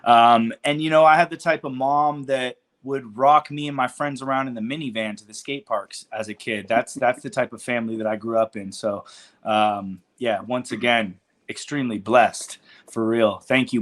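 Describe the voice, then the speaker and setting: This Californian man in his forties is a podcast guest who founded a cannabis business, and he tells stories in a laid-back, slangy interview style full of filler words and casual swearing. His voice is medium-pitched and fairly bright, with fairly even intonation at a normal speed.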